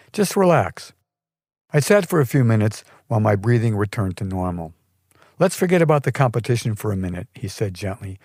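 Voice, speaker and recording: A man narrating a scripted personal story in a measured, wry way. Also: fairly low pitch, mellow, dry recording, clean studio sound. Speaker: storyteller podcast host.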